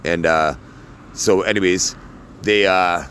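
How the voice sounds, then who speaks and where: A man talking casually to camera in a rambling, halting monologue full of fillers and tag questions. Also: sits low, steady tone, a bit bright, a little hiss or hum. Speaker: vlogger.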